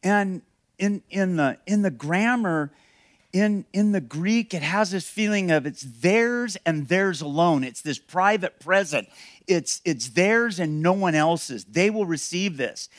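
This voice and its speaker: A man's voice: high-pitched, lively intonation, unhurried, dry recording, studio quality. A man preaching a sermon as pastor, earnest and emphatic, repeating key phrases and restarting sentences.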